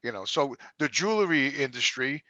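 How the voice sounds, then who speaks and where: A man in a casual chat who talks haltingly, repeating words and restarting often. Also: medium pitch, expressive, bright, forceful tone, dry recording. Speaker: co-host.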